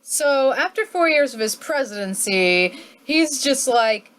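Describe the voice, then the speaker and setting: A woman's voice: high-pitched, animated, unhurried, a bit bright, a little hiss or hum. A woman retelling history as a casual comic vlog, joking and playfully acting out what people said, recorded on a home webcam mic. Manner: playful, jokey, acts out quotes in silly voices. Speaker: history vlogger.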